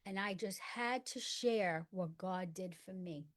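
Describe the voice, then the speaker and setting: A woman's voice: on the low side, takes it slowly. Earnest woman retelling a story. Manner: earnest storyteller acting out dialogue in hushed tones. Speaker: guest. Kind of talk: personal testimony in conversation.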